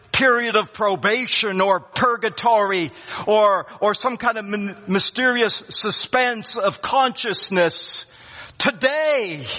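Emphatic preacher in a reverberant hall. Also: male voice, sits high, sharp tone. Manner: emphatic preaching, repeating key words. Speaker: pastor. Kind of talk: sermon.

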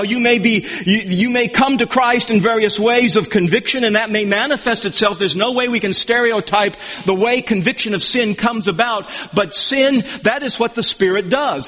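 A man's voice: high voice, sharp tone. A middle-aged man preaching a sermon as pastor, emphatic, driving his points home with repeated phrases. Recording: long hall reverb.

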